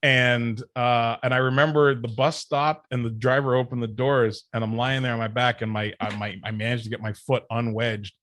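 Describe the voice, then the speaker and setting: A man of ordinary pitch talks as a guest on a podcast, recounting his past in an easy, casual way. He gets animated and laughs often while telling it. The sound is close and dry with no room around it. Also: normal speed, few pauses, no room sound. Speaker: podcast guest, wrestling manager. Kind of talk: casual storytelling chat.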